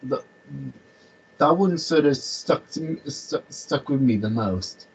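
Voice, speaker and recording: A man's voice: fairly high pitch, animated, slow pace, slightly rough, rough recording. A man chatting casually on a video call, rambling with lots of stammered restarts. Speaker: host.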